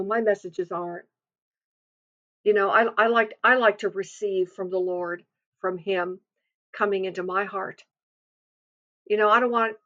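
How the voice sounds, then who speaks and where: A woman's voice: mid-range voice, muffled recording. A woman giving an earnest, confiding devotional sermon, reading scripture and speaking from personal experience with frequent restarts.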